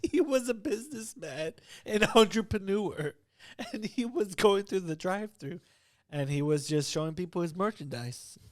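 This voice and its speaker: A man's voice: sits high, lively intonation, moderate pace. A young man co-hosting a podcast, telling a crude story in casual chat and giggling as he goes. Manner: giggles through his own story. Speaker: podcast co-host.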